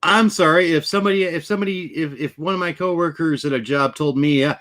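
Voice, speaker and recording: A man's voice: fairly high pitch, fast talker, hardly any pauses, a bit bright. A young man hosting a casual video chat, joking, laughing easily and repeating himself as he talks.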